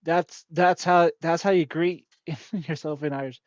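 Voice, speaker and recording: A man with a slightly higher voice rambles and jokes his way through a casual gaming session, often laughing at his own jokes. The sound is dull and lo-fi with a very dry, close mic. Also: fairly even intonation, a little slow, no room sound. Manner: joking, giggly, rambling. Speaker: let's play host.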